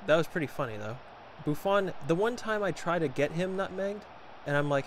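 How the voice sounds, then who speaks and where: A gaming streamer plays live, offering casual commentary and reading chat while cracking sarcastic, self-mocking jokes. His voice is fairly high and expressive, a little fast with few pauses, over a faint hiss or hum.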